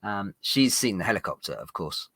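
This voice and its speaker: A man's voice: on the low side, big pitch swings, moderate pace, sharp tone, dry recording. A man narrating as game master of a tabletop game, rambling with fillers and restarts.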